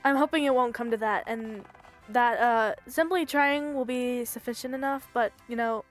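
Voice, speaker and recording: A woman's voice: a little high, fairly even intonation, moderate pace, soft background music, close to an everyday voice. Stammering down-and-out phone-head guy, voiced by a woman. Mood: flustered. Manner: stammering, self-pitying. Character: down-and-out male phone-headed loser, nervous.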